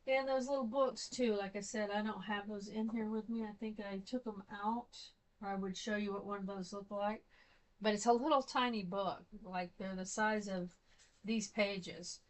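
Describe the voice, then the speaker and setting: A woman's voice: medium pitch, fairly even intonation, normal speed. A middle-aged woman, chatting casually and rambling as she shows her craft supplies. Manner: chatty, rambling, thinks aloud. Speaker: craft vlogger. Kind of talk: casual show-and-tell chat.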